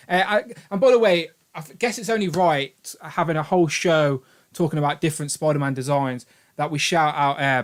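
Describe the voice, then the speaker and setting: A young man hosting a casual live stream, upbeat and animated as he reads out viewer comments. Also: mid-range voice. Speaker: show host.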